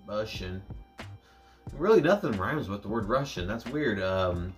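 A man's voice: lowish voice, animated, measured pace. A young American man hosting a music reaction, talking casually with many fillers and jokey asides. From United States.

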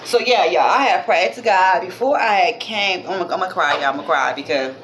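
A woman's voice: fairly low pitch, fast talker, heavy background noise. A woman vlogger and mother chatting casually to her viewers, rambling and heartfelt, calling them "y'all", with a minor cough. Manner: heartfelt, religious. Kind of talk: casual chat to camera.

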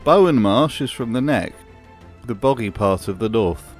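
A man's voice: mid-range voice, expressive, normal speed, soft background music. A man narrating a wry commentary voice-over in a dry, sardonic manner. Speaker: video narrator.

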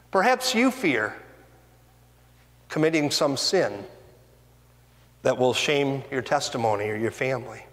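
A man pastor preaching a sermon in a church sanctuary, earnest and deliberate, with rising and falling emphasis. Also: a little high. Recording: long reverb of a church hall.

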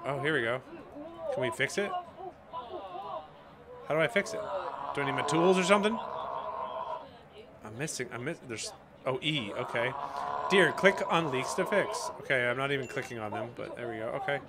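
A man's voice: mid-range voice, lively intonation, normal speed, long pauses, very noisy. A man hosting a gaming channel, chatting in a bemused way to himself as he plays a game. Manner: chatty, bemused, talking to himself while playing. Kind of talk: let's play commentary.

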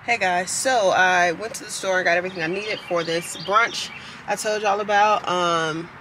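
A woman's voice: lowish voice, steady tone, moderate pace, pushed and bright, slight background noise, rough recording. A young woman vlogging in a bubbly, chatty way, talking straight to her viewers. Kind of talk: casual vlog chat.

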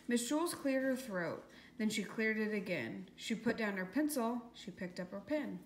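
A woman's voice: mid-range voice, expressive, normal speed, hardly any pauses. A woman reading a rhyming children's story aloud in a lilting, sing-song manner. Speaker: audiobook reader. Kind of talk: scripted rhyming storybook narration. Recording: echoey room with faint hiss.

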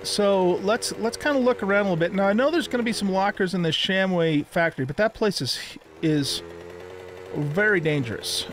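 An older man hosts his own gaming series, talking through his play in a loose, chatty way. His voice sits a little high for a man. He often pauses on "um" and restarts his sentences as he explains what he is doing. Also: big pitch swings, a bit bright. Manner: chatty, frequent ums and restarts. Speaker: gaming YouTuber. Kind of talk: casual gameplay commentary.

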